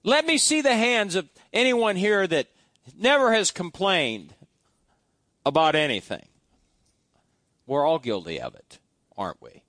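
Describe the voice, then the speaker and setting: A man's voice: high-pitched, sing-song, measured pace, long pauses, fairly bright tone, no echo, studio quality. A man preaching a sermon in a church, talking in a conversational way and asking the congregation questions. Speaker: pastor.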